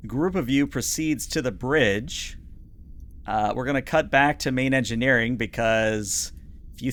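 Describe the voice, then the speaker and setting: A man narrating as game master of a tabletop game, chatty and full of fillers. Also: mid-range voice.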